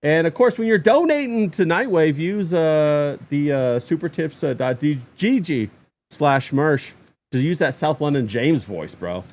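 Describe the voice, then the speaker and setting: Stream host, slightly higher-pitched man, laid-back, hesitant, warmly greets chat. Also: lively intonation, a little slow. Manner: casual, lots of fillers, shouting out chat. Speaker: podcast host. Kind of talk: casual livestream chat.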